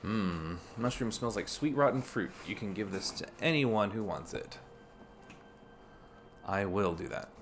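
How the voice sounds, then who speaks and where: A man's voice: fairly low pitch, animated, a little slow, faint music behind. A man giving casual, chatty commentary while streaming a video game, thinking aloud with fillers and restarts. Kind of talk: casual let's-play commentary.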